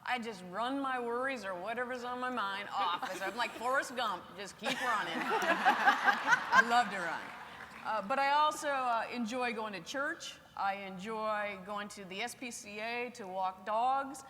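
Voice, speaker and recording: A woman's voice: a little high, moderate pace, few pauses. A middle-aged woman on a panel, chatting cheerfully about her family and hobbies. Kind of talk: casual personal sharing. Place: large conference hall. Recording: loud noise with long hall reverb.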